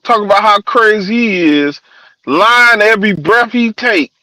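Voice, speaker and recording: A man's voice: high-pitched, measured pace, pushed and bright, no room sound. A man joining a commentary chat as a guest, speaking with emphatic agreement.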